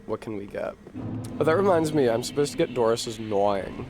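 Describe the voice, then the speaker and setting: A man streaming a game, chatting casually and swearing with sarcastic outbursts. His voice sits at an ordinary middle pitch, and faint music runs underneath. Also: brisk. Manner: profane, sarcastic, animated outbursts. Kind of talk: casual gameplay commentary.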